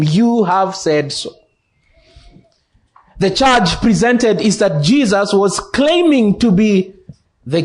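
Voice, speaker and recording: A man with a Kenyan English accent preaching an expository sermon in church, slow and deliberate, repeating key phrases for emphasis. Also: high voice. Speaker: pastor.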